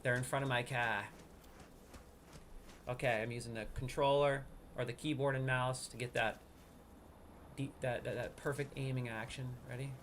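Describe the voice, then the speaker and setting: A man giving casual gameplay commentary as a streamer, excitable, swinging from hushed sneaking talk to loud outbursts. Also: mid-range voice, normal speed, pauses often, slight background noise. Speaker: gaming streamer.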